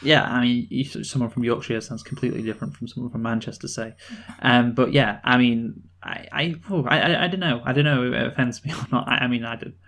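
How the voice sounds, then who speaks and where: A man from the North of England co-hosting a relaxed film review podcast. He talks with easy enthusiasm at a middle pitch, looping and restarting his sentences as he goes. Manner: enthusiastic, rambling, halting restarts. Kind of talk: casual film discussion.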